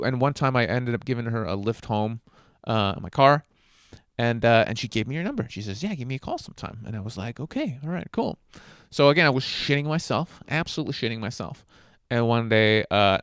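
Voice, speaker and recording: A man's voice: medium pitch, smooth, dry recording, clean studio sound. A man telling candid, self-mocking dating stories in a casual monologue, swearing and using lots of fillers.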